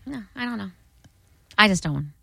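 A woman co-hosting a radio show, chatting in an excitable, rambling, playful way. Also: medium pitch, normal speed, vocal fry, dry recording. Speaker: radio co-host. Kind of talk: casual radio chat.

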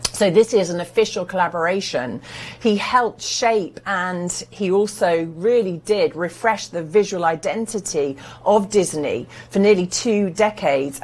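A woman presenting artwork for sale, describing it and urging viewers to buy with eager persuasion. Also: fairly low pitch. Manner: enthusiastic persuasive selling. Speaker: art sales presenter. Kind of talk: TV sales pitch.

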